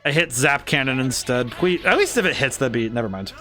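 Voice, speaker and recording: A man giving casual live-stream commentary on a game he is playing, excitable, laughing often and thinking aloud. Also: mid-range voice, a little fast, soft background music.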